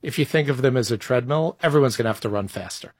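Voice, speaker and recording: A man's voice: mid-range voice, fast talker, a little mellow, breathy edge, no room sound, studio quality. A man in his fifties speaking as an interview guest, thoughtful and a little self-deprecating, sometimes restarting his phrases. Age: 50s. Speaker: guest executive. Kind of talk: conversational interview answers.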